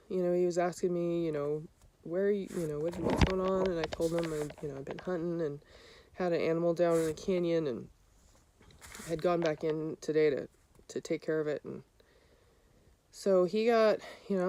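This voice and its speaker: A woman telling a story of her own hunting trip in a casual, halting way, with many fillers and restarts. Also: fairly low pitch, a little mellow. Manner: re-enacts other people's lines in a raised voice.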